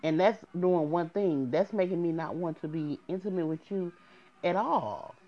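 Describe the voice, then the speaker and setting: A woman's voice: fairly low pitch, moderate pace, lo-fi sound. A young woman telling her dating story frankly to her viewers, in an exasperated casual manner. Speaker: storyteller vlogger.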